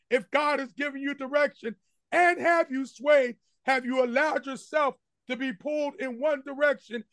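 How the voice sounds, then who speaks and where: This is a man with a very high, fairly bright voice, heard as a senior pastor preaching to his congregation in the church sanctuary. Addressing them directly, he is emphatic and repetitive, using call-and-response and recurring refrains. The sound is dry and studio-clean.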